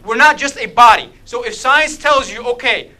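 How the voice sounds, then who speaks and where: A man's voice: very high-pitched, moderate pace, rough recording. A man leading a group talk on faith, quizzing the audience with constant "okay?" checks and playful asides. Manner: lively and animated, with a playful humor. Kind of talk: interactive apologetics talk.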